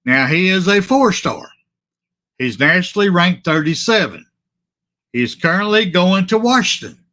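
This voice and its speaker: Guy doing a live sports talk show, kinda high bright voice, repeats stuff, says sorry a lot. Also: measured pace. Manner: animated and repetitive, trailing off and apologizing. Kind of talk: casual live-stream sports talk, reading viewer comments.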